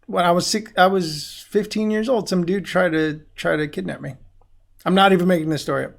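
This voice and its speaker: Gravelly, laughing male podcast host. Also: high voice, fairly quick. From Mexican-American. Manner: animated, laughs often while telling a story. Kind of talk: casual chat, storytelling.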